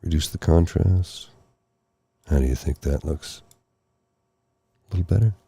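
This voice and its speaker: Tired, hoarse male ASMR host; extremely deep, dark, gravelly voice; soft, rambling, apologetic delivery. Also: measured pace, no room sound. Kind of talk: soft-spoken ASMR live stream. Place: candlelit room at home. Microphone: close mic for ear-to-ear speaking.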